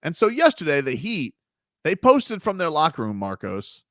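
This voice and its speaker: A man hosting a sports talk radio show, emphatic and animated, swinging between loud and quiet. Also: fairly high pitch, moderate pace, no echo, clean studio sound.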